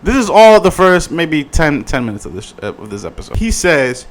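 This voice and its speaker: Give me a man with a fairly high voice, swearing through a casual slangy review. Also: moderate pace, few pauses. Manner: profane, animated, slangy. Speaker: video reviewer.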